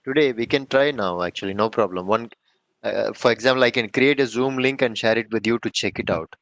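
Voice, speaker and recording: A man's voice: medium pitch, brisk, a bit bright, no room sound, muffled recording. A man on a video call, speaking briefly and hesitantly as a student in the class. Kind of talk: casual chat on a call.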